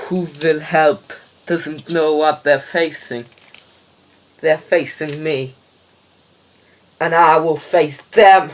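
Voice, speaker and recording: Brief: a man doing a pompous, shouty helpline chief, pitched up high, menacing and muddled. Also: fairly even intonation, slow, pauses often. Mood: menacing boast. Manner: loud, boastful, tripping over his own catchphrase. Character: blustering male leader of a helpline team.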